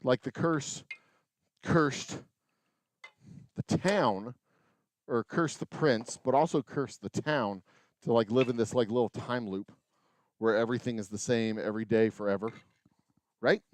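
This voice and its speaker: Distiller host, man, mid-pitched, rambling sarcastic live-stream chatter, dry close sound. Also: a little slow, pauses often, dry recording. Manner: rambling, sarcastic asides, counts bottles under his breath. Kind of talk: rambling live-stream chat while working. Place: small distillery bottling room, indoors.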